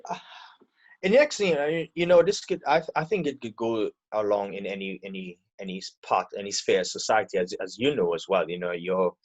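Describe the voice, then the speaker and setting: A man speaking as an interview guest in a casual, hesitant way, often repeating words as he gathers his thoughts. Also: lowish voice. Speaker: guest, air force electrical technician.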